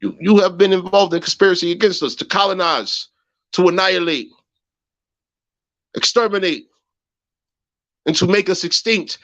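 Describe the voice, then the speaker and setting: A man rants on a livestream, slightly high-pitched and profane, hammering phrases again and again. He drops to low mutters, then breaks into high shouts, and the audio comes through dull and muffled. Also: moderate pace, long pauses. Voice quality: profane, agitated, repeats phrases. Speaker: livestream host. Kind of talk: heated livestream rant.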